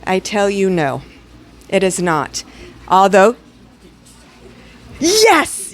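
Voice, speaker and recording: A woman's voice: medium pitch, very slow, long pauses, dry recording. Chatty woman teaching spiritual lessons. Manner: animated, chatty, playful asides.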